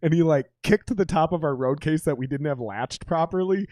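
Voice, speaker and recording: A man's voice: a little high, fairly quick, darkish tone, dry recording. A man hosting a podcast, telling profane bar stories in casual chat and laughing often. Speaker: podcast host.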